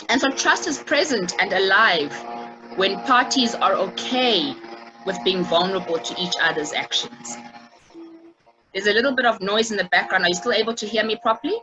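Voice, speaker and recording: A woman's voice: medium pitch, normal speed, background noise. A woman giving an online talk over a video call, telling a personal story in a reflective way with many small fillers.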